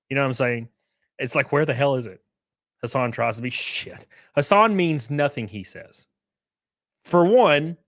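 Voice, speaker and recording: A man's voice: medium pitch, fairly bright tone, no room sound, studio quality. A young man streaming live, rambling casually and swearing as he comments and greets his chat. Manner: rambling and profane. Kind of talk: livestream commentary.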